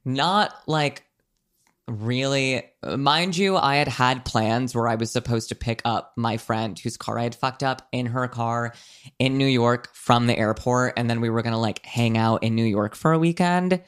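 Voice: medium pitch, unhurried, clear, resonant tone. A young adult telling a long story in casual chat, rambling with many fillers and frequent swearing.

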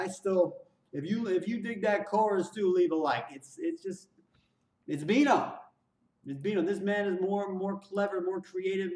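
Excitable man reacting to music. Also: on the high side, roomy sound, recorded from a distance. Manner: excitable, repeats lines back, exclaims and laughs. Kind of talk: casual reaction commentary.

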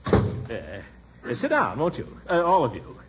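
An actor playing a blustering, flustered middle-aged official who stammers and chuckles, in 1940s radio acting style on a dull old recording. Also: male voice, a little high, wildly swooping pitch, unhurried, very noisy. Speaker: pompous small-town official.

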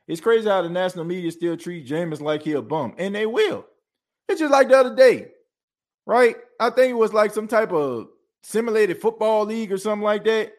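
A podcast host in a fired-up sports talk rant, animated and preachy, calling his listeners folks. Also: high-pitched.

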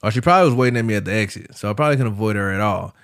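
Profane, animated male podcast host. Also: lowish voice, very fast, dry recording, studio quality. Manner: profane, animated, quotes people in his story. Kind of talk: casual storytelling.

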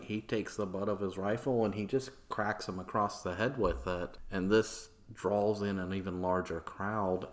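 Brief: male podcast host, very low voice, casual and profane history storytelling. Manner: loose, profane, conversational storytelling.

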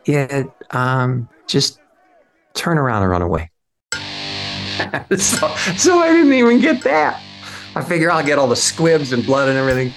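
A man telling a casual anecdote in a wry tone, laughing now and then. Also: medium pitch. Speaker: actor telling a story.

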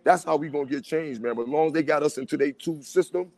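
A man talks quickly in a casual chat. His voice sits a bit high and is full of emphatic street-style phrasing. The recording is dry and close. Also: vocal fry, dry recording. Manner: fast, animated street talk, repeats "you know what I'm saying".

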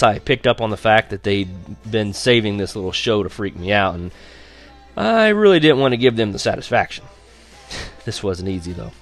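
A young man narrating a first-person story in a wry, conversational way. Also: mid-range voice. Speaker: audiobook narrator.

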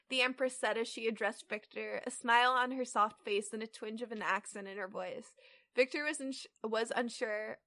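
A woman's voice: on the high side, fairly even intonation, moderate pace, pushed and bright. A woman in her twenties co-hosting a casual podcast, chatting and reading fan fiction aloud with stumbles and hesitations. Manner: hesitant, stumbling over words while reading. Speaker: podcast co-host.

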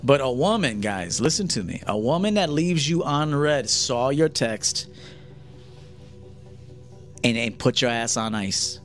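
A man's voice: medium pitch, expressive, a little slow, pauses often, soft background music. Blunt profane male dating coach. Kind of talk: livestream monologue to men.

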